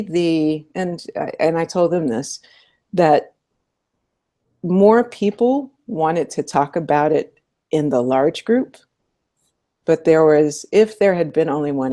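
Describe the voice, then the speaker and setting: Low, mellow-voiced middle-aged woman, thoughtful. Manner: thoughtful, animated, laughs often. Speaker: social justice educator and guest. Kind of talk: conversational interview.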